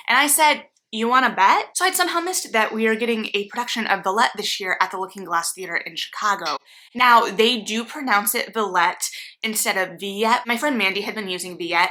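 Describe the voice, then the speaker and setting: A woman's voice: mid-range voice, sharp tone. A young adult woman talking casually about a favourite novel and its stage adaptation in a chatty, nerdy, enthusiastic way. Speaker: book vlogger. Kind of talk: casual spoken review.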